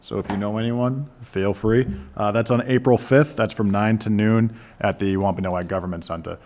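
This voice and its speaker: A man's voice: on the low side, fairly even intonation, normal speed, a little mellow. A man with a Boston accent giving staff updates at a town meeting, chatty and full of ums. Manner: chatty, filler-heavy. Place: meeting room.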